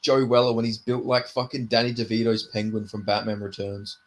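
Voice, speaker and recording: A man's voice: fairly low pitch, completely flat delivery, fairly quick. A man with a British accent co-hosting a casual podcast chat, easygoing and swearing freely. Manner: laid-back, sweary. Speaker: podcast co-host.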